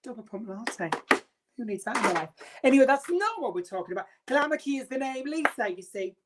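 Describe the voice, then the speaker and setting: A woman's voice: sits high, very animated, quick pace, heavy background noise. A middle-aged woman hosting a makeup live stream, theatrical and self-mocking, greeting viewers by name.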